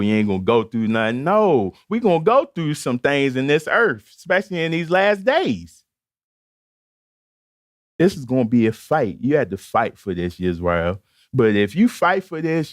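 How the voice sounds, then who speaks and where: A man's voice: on the high side, dry recording, studio quality. A man preaching a sermon in an emphatic, conversational way, repeatedly calling out to the congregation, with a Baltimore accent.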